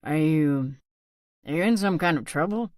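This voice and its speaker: A woman voicing a blunt, wary rural male hunter in a whispered role-play storybook reading, quiet and firm. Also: deep voice, expressive, normal speed, dry recording, clean studio sound. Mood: concerned.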